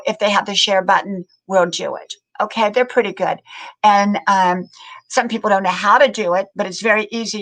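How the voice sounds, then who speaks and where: A woman's voice: mid-range voice, a bit bright, low-quality recording. An older woman hosting a casual live stream, chatting on and greeting viewers by name, often repeating her words. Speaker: livestream host.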